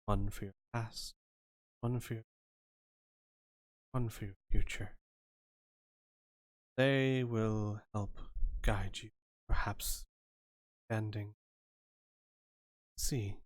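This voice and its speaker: The voice is a mysterious female fortune-teller in a tabletop game, put on by a man. She speaks slowly and quietly, weighing each word as she lays out the cards. The sound is dry and close, with no room around it. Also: lowish voice, level tone, no room sound, pitched below the performer's own voice. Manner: slow, hushed, deliberate.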